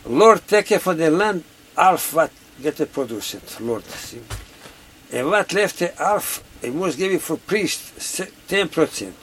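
A man's voice: on the high side, animated, measured pace, fairly bright tone. An older man from Yugoslavia with a Yugoslavian accent, speaking broken English and often repeating "you see" in an oral history interview. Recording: 1970s tape with background noise.

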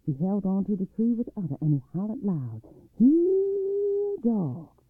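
A man's voice: high voice, animated, quick pace, breathy edge, no echo. A man narrating a folk tale for a radio storytelling program, reading expressively and dramatically. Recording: dry, tinny phone-like sound.

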